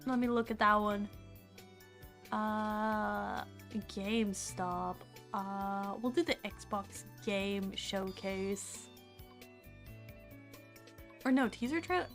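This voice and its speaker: A young woman streaming casually, chatty and excitable, swearing freely, suffering from hiccups. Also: medium pitch, drawn-out words, long pauses, faint music behind. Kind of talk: casual livestream reaction.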